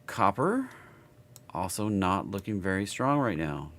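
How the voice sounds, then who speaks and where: A man's voice: low voice, big pitch swings, measured pace, fairly bright tone, a little hiss or hum. A man with a Southern US accent giving casual live market chart commentary, rambling and thinking aloud as he works. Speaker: market analysis streamer.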